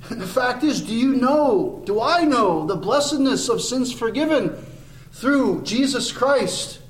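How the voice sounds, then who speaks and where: A man's voice: very high voice, lively intonation, slow pace, roomy sound, poor audio. A man preaching an expository sermon in a church, earnest and building to emphatic declarations.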